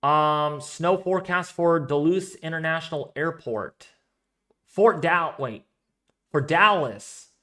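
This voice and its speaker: A man's voice: on the high side, takes it slowly, pushed and bright. A man hosting a weather live stream, chatting casually and rambling as he thinks aloud while reading out viewer donations. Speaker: weather livestream host.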